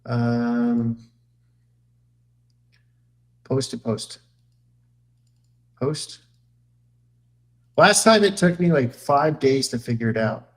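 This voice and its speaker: Slow-talking joking male streamer. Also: medium pitch, animated, poor audio. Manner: loose, joking, reads chat aloud while clicking around. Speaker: streamer and host. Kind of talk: casual live-stream chat.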